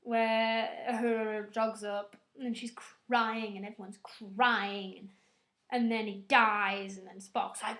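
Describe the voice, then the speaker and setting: A woman giving a rambling, excitable spoken film review, full of "like" asides. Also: a little high, unhurried. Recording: echoey room.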